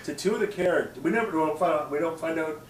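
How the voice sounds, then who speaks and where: A man with a high voice reacts to a movie with exasperated, animated disbelief. He is recorded from a distance in a reverberant room. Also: fast talker, a little hiss or hum. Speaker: co-host. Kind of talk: casual movie review chat.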